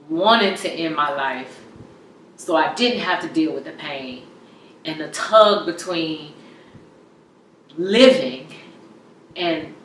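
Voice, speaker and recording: A woman giving an emotional personal testimony in an interview, halting and tearful, her voice dropping very soft at times. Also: sits low. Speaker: interview guest. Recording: roomy echo from far off, faint hum.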